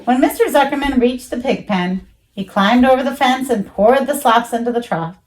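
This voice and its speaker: A woman reading a children's storybook aloud, expressive, jumping high for the animal voices. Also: normal speed, a little hiss or hum, rough recording. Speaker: children's book reader.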